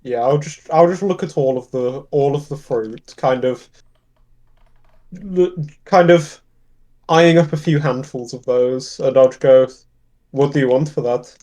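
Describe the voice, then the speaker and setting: Slow-talking male player. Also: mid-range voice, mellow. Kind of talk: casual tabletop play.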